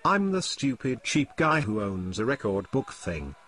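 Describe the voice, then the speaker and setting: Male actor as an eager, lively-voiced pushy fan chasing a signature, comedy skit. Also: mid-range voice, measured pace. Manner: pushy, wheedling. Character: eager, pushy man with a record book.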